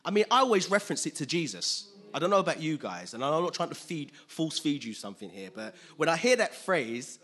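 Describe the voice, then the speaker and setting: A man preaching a sermon in an animated way, acting out scenes with sudden loud outbursts. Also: fairly high pitch, fairly quick, hardly any pauses, husky.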